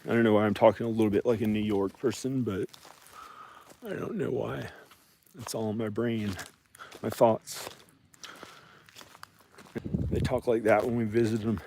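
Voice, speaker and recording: Rambling man, low voice. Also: steady tone, measured pace, pauses often, mellow. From American South. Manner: meandering, repeats phrases and restarts often. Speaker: vlogger. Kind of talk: rambling casual vlog monologue.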